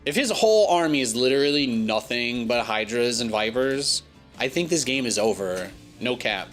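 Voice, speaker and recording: A man with an American accent giving excitable, joking commentary while he plays and streams a game. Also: medium pitch, moderate pace, faint music behind. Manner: excitable, joking, talks to himself and chat. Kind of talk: casual gameplay commentary.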